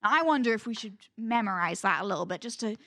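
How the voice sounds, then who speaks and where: A woman leading a children's church lesson, playful and animated, guiding children through call-and-response memorization. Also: mid-range voice, fast, no echo, studio quality. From Scotland.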